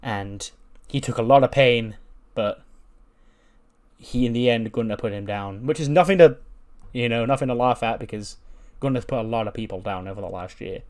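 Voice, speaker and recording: This man, a game channel host, speaks at medium pitch and normal speed with a darkish tone. He casually recaps a wrestling sim game in let's-play style, using lots of fillers and swearing.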